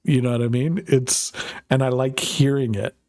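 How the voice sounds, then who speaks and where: Male streamer, medium pitch, casual and rambling, swears freely while he games. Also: fairly even intonation, normal speed, darkish tone, no room sound. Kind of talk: casual live-stream chat while gaming.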